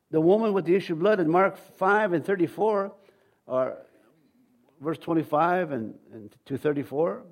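A male pastor preaching a sermon in a conversational way, acting out quoted voices and often repeating words. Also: on the high side.

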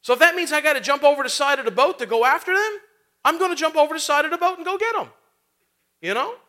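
A man preaches as pastor, his high, bright voice ringing clearly with lively intonation at a fast pace. He keeps the sermon chatty, dropping in rhetorical questions and casual side comments between points.

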